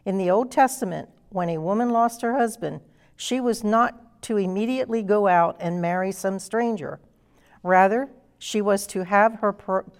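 A woman's voice: mid-range voice, creaky, darkish tone. Woman preaching an earnest sermon. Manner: earnest, emphatic, quotes scripture aloud.

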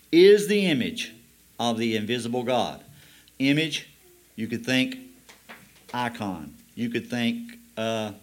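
Man preaching, slow emphatic scripture reading. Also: mid-range voice. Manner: reads scripture slowly, then explains with rising emphasis. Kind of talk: sermon.

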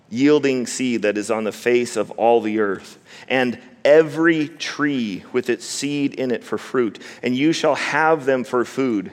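Emphatic male preacher in a reverberant hall. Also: medium pitch. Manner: emphatic, slows down to stress key words, repeats words when building a point. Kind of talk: sermon. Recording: long reverb of a large hall.

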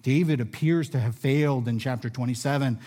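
Speaking to an assembled audience in a room, a mid-range-voiced man gives an earnest, measured sermon. The close of his phrases often falls away gently.

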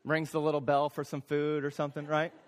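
A man preaching a sermon as pastor, animated, repeating phrases for emphasis and acting out little voices. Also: on the high side, a little fast. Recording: long hall reverb.

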